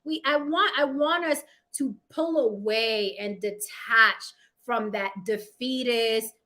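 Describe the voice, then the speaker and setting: Sassy, blunt host with a New York accent; bright, fairly high woman's voice, casual and profane. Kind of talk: casual livestream chat.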